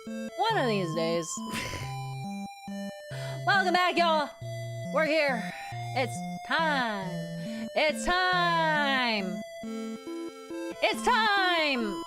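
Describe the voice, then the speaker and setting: A woman streaming a game live, playful and laughing often, yelping at the screen and chatting with viewers. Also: mid-range voice. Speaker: VTuber streamer. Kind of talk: live gameplay commentary with chat. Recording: background game music.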